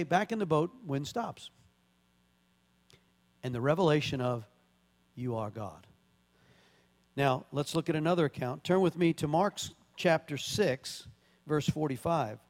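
Male pastor, high voice, conversational sermon with sudden emphatic bursts, long hall reverb. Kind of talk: sermon with scripture reading.

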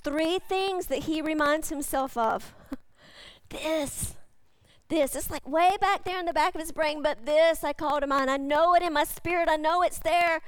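High-voiced woman pastor preaching emphatically. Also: unhurried, no room sound. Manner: emphatic, repeating key phrases. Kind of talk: sermon.

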